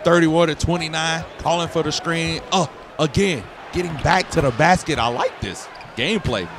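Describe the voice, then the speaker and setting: A young man giving excited, slangy commentary over his basketball video game, hollering at big plays. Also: a little high, moderate pace, background noise. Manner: casual slangy talk. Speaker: gaming YouTuber. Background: game music.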